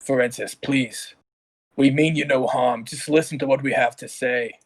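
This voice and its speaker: A man voicing a calm male king in a tabletop game, speaking slowly and in a measured way. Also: mid-range voice, slightly rough, no echo, close to an everyday voice, poor audio. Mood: solemn. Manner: slow, measured pleading.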